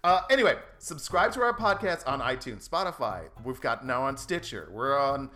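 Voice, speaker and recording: A man hosting a comedy podcast, hoarse from laughing and talking in an upbeat, giggly way. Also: medium pitch, animated, normal speed, sharp tone. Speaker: podcast host. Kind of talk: casual podcast outro chat.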